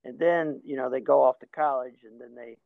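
A man's voice: mid-range voice, steady tone, brisk, vocal fry, no room sound. A man co-hosting a podcast in casual chat, rambling and joking with stammering restarts. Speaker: podcast co-host. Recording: tinny phone-like sound.

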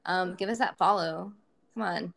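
A woman's voice: on the low side, moderate pace, creaky, a bit bright. Woman co-host, loose and profane, hyping listeners in casual chat. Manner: loose, profane, enthusiastic plugging. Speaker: podcast co-host.

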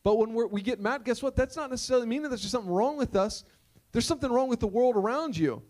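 A man's voice: very high-pitched, quick pace, darkish tone. A male pastor delivering a conversational sermon, emphatic and full of repeated rhetorical questions.

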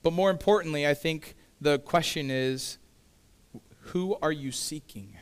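A man's voice: a little high, a little slow, clean tone. A male pastor delivering a sermon in a conversational, casual way, with frequent asides to the congregation.

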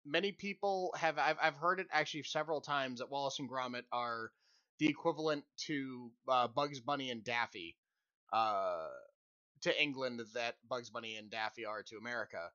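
A man co-hosting a podcast, talking in a playful, unhurried way with many ums. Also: medium pitch, bright, forceful tone, no room sound. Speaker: podcast co-host. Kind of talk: casual chat. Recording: slightly dull lo-fi audio.

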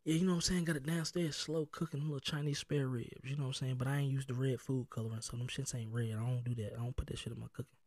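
A man's voice: mid-range voice, steady tone, fast talker, few pauses, a little mellow, no room sound, studio quality. A man with a Southern US accent hosting his own podcast from home, talking loose and profane with street slang and jokes. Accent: Southern US (North Carolina). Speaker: podcast host. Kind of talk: casual chat.

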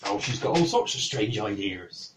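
A man's voice: fairly low pitch, lively intonation, normal speed, reverberant, background noise, voice pushed down, close to an everyday voice. A man voicing a chatty male tavern keeper in a tabletop game.

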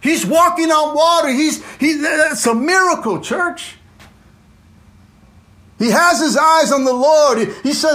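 High-voiced, fervent preacher man. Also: unhurried. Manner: fervent preaching, peppered with "amen" and "come on"; swings between loud exclamations and low, quiet asides. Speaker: pastor. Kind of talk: sermon.

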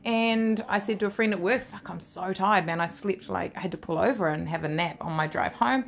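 A woman's voice: medium pitch, fairly quick, gravelly. A woman in her thirties with a New Zealand accent, telling her story to an interviewer in a frank, laughing way and swearing freely. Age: 30s. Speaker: interview guest. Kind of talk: candid storytelling.

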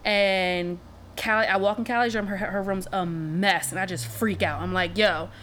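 A woman co-hosting a casual chat, telling lively stories and acting out the voices of the people in them. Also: medium pitch, moderate pace, a little hiss or hum. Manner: animated storyteller, acts out quoted dialogue. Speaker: podcast co-host.

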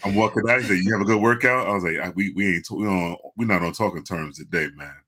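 A man's voice: deep voice, quick pace, fairly bright tone. A man who is a guest on a casual talk show, telling laid-back stories and acting out the exchanges in them.

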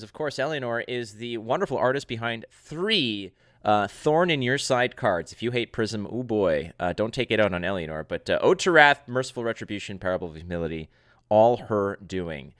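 A man's voice: fairly low pitch, expressive, moderate pace, fairly bright tone, dry recording, clean studio sound. A man hosting a podcast, talking upbeat and enthusiastic in casual chat. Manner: upbeat, enthusiastic, keeps saying "friends". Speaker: podcast host.

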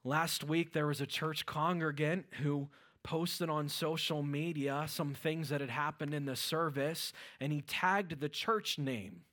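Pittsburgh-accented male preacher, high and bright, full of energy from the pulpit. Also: measured pace. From Western Pennsylvania. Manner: energetic preaching with shouted exclamations. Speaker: pastor. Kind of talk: sermon.

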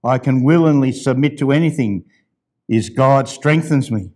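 A middle-aged male pastor preaching a sermon. He swings from soft, low asides to loud, emphatic declarations, and at times reads a letter aloud. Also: normal speed.

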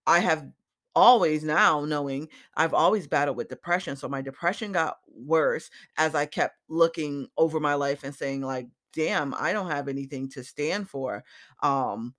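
A woman in her forties hosting a podcast, talking through a personal reflection with emotion, sometimes choked up, with many pauses and restarts. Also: low voice, fairly bright tone. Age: 40s. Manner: unhurried, with many fillers and restarts. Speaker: podcast host.

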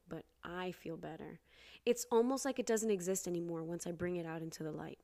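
Earnest woman hosting a solo podcast. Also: gravelly. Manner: earnest and animated, with sudden high emphatic bursts. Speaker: podcast host. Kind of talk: casual solo podcast talk.

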